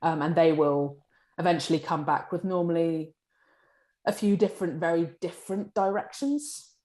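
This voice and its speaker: A woman in a publishing role, answering interview questions in a chatty, animated way. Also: lowish voice, moderate pace. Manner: chatty, animated, acts out colleagues' lines. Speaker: publishing director. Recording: echoey room.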